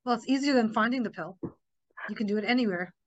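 A woman host talks briskly, asking her guest short questions to check what she means. Her voice arrives dull and lo-fi over a video call. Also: a little high. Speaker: show host. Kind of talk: casual interview chat.

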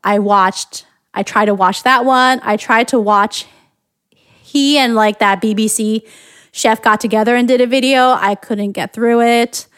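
A woman's voice: fairly high pitch, fairly even intonation, measured pace, a bit bright, clear, resonant tone, no echo, studio quality. A woman from the United States hosting a podcast, chatting casually and thinking aloud with frequent restarts. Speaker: podcast host.

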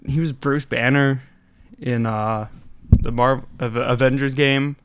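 A man co-hosting a podcast in casual chat, rambling and animated, often trailing off. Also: medium pitch, slow, smooth. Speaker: podcast co-host.

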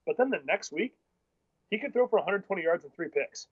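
Blunt, animated man talking football. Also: high voice, husky, no echo. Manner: animated, blunt, rapid bursts. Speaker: sports podcast co-host. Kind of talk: casual sports debate. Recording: dull lo-fi sound.

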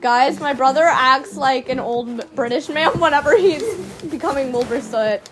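A woman's voice: high-pitched, moderate pace, crowd noise. A woman in her twenties hosting a casual podcast while gaming, teasing and giggly, now and then bursting into song. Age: 20s. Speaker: podcast host.

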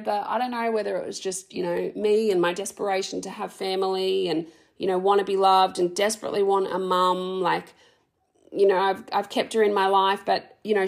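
A woman in her thirties with a creaky, mid-range voice records a raw, emotional personal vlog. She swears a lot, rambles, restarts often, and leans on many fillers.

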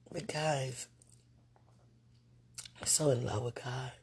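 A woman chatting casually to her online viewers about faith, sleepy and yawning, who keeps slipping into breathy whispered asides. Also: extremely low pitch, slow pace, long pauses. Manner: sleepy, yawning, animated bursts. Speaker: online talk host.

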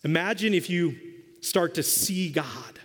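A man's voice: high-pitched, lively intonation, unhurried. A man preaching a sermon as pastor, emphatic and quizzing his congregation in a church hall. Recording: long hall reverb.

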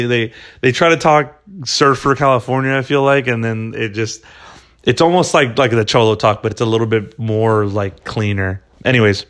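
Male solo podcast host, casual rambling delivery, lots of swearing and "dude.". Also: medium pitch. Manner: rambling and profane, full of "dude" and "man".

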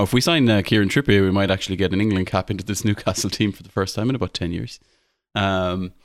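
Irish male co-host, low and dry, chatty and meandering. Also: no room sound. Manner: rambling, self-correcting, many ums. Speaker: podcast co-host, streamer. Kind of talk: casual chat.

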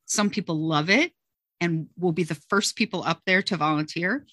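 A woman's voice: fairly low pitch, normal speed, bright, forceful tone, no echo, studio quality. A woman who teaches music, chatting as an interview guest and telling stories expressively, often saying "you know" and "like". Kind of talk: conversational interview talk.

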